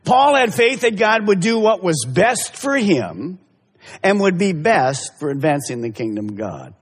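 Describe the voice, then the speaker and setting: Male pastor, husky tenor, sweeping animated delivery, emphatic sermon in a reverberant church. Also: high voice, unhurried. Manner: emphatic, repeats key phrases, addresses congregation directly. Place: church service. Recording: echoey hall reverb.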